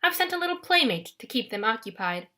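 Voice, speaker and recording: Brief: woman playing a stern, booming male villain general for an audiobook, with a bright, forceful edge. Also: big pitch swings, quick pace. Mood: commanding. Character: menacing male general, commanding and brutal.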